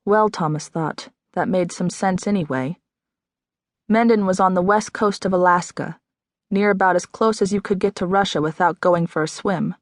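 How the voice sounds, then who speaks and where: A woman narrating a novel in a measured, even reading. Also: on the low side, no room sound, clean studio sound. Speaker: audiobook narrator. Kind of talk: scripted narration.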